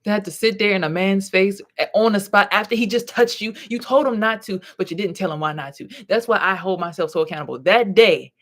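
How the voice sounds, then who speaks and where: A woman's voice: medium pitch, fairly quick, hardly any pauses. Blunt, profane woman vlogger. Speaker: vlogger and spiritual reader. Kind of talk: casual talking-to-camera monologue.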